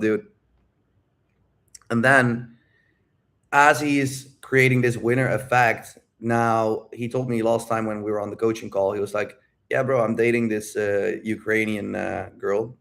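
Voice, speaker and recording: A man coaching on dating in a casual livestream Q&A, talking bluntly and with lots of swearing, repeating his key phrases and asking viewers directly if they follow. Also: fairly low pitch.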